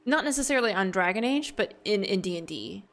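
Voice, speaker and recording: Southern American woman, casual stream chat, rambling, mid pitch. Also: expressive, a little fast, a bit bright. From Southern United States. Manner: chatty, rambling, with restarts.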